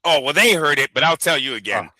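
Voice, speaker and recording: A man's voice: a little high, big pitch swings, quick pace, bright, forceful tone, dry recording. A man co-hosting a boxing talk show, chatting casually and profanely, rambling through stories and acting out quotes. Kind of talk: casual podcast chat.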